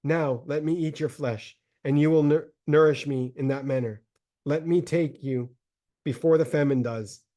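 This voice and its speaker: A man voicing a starving, grief-mad mother in a solemn, measured dramatic reading of a religious text. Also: mid-range voice, warm tone, natural voice.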